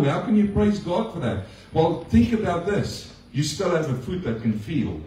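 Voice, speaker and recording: A man's voice: a little high, animated, moderate pace, hardly any pauses, warm tone, distant mic, a little hiss or hum. Man preaching in an echoey hall. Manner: conversational preaching with rhetorical questions to the congregation. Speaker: pastor. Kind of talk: sermon. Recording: echoey room, speaker off-mic.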